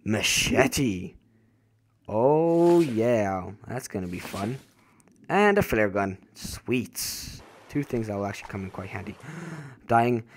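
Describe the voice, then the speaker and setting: A man's voice: lowish voice, big pitch swings, takes it slowly. A young man casually narrating a survival game as he plays, stumbling over and repeating his words, then jumping at sudden scares. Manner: jumpy reactions to in-game scares. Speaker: gaming channel host. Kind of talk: casual let's-play commentary. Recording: voice over noisy game sound.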